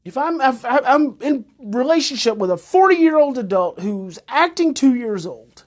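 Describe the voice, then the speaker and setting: A man's voice: very high voice, lively intonation, a little slow. A man who teaches parenting, giving an emphatic live-streamed talk and repeating his key phrases and rhetorical questions. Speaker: parenting educator.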